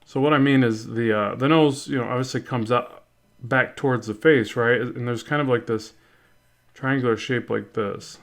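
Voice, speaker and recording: Speaking at a moderate pace in a mid-range voice, a male art instructor narrates a laid-back drawing tutorial. He muses out loud while working, second-guessing choices and correcting course along the way.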